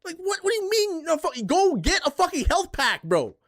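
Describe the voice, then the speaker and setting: A man's voice: very high voice, wildly swooping pitch, moderate pace, fairly bright tone. A man hosting a casual gaming podcast, ranting in heated, profane bursts and repeating himself for emphasis. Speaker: podcast host.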